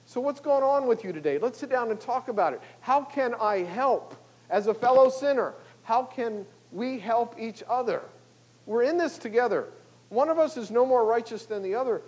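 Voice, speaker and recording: Older guy pastor preaching, chatty and folksy, kinda high voice, keeps asking okay?. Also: animated, normal speed, a little mellow, slightly rough, poor audio. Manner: conversational, folksy, with frequent "okay?" and "you know". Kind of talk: sermon.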